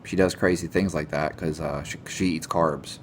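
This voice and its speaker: A man's voice: rumbling low, fairly even intonation, normal speed, slight background noise. A man ranting casually to camera about nutrition, sarcastic and exasperated, and he swears now and then. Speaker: nutrition vlogger.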